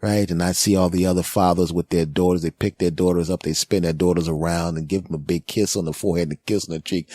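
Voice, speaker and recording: A man in his forties hosting a comedic monologue, rambling and animated, often checking in with "right?". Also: deep voice, fast talker, few pauses, no room sound, studio quality. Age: 40s. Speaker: podcast host.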